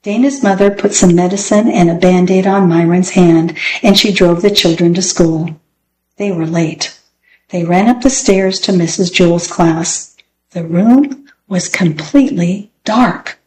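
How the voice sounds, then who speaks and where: A woman reading a children's chapter book aloud in a gentle, clear storybook manner. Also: fairly low pitch, a little slow, a little hiss or hum, rough recording. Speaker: narrator.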